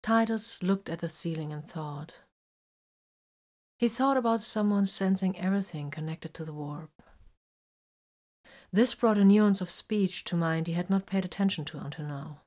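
A woman reading a story aloud in a calm, even storytelling manner. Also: fairly low pitch, moderate pace, pauses often. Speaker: reader.

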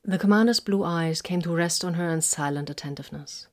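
Lady reading a sci-fi audiobook, low voice, steady and even. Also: fairly quick, few pauses. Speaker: narrator. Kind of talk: scripted audiobook narration.

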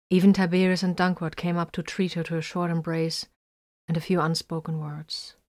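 A woman narrates a military adventure with emphatic bursts and sudden drops to hushed tones. Her voice sits on the lower side for a woman. The recording is dry and close, with no room sound. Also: no room sound. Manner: dramatic swings between loud emphasis and hushed lines. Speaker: audiobook narrator. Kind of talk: scripted narration of military science fiction.

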